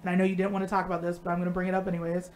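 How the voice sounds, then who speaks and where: A woman co-hosting a live stream, talking casually and bluntly with lots of swearing and animated storytelling. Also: fairly low pitch, racing, slight background noise. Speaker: co-host.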